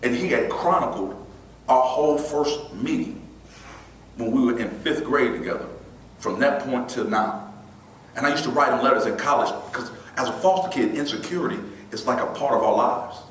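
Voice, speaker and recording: A man giving a motivational keynote, telling a personal story in a lively, conversational way with bursts of laughter. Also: mid-range voice, normal speed, a little hiss or hum. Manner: animated, breaks into laughter, imitates friends with quieter voice. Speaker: motivational speaker. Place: large hall before an audience. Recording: echoey hall, voice from far off.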